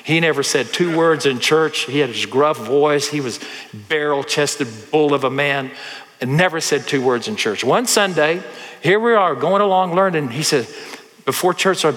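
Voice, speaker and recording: A man's voice: on the high side, normal speed, big-room sound. A man, a pastor telling stories in a folksy sermon and acting out the voices of the people in them. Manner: folksy, animated storyteller who acts out voices. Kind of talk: storytelling sermon.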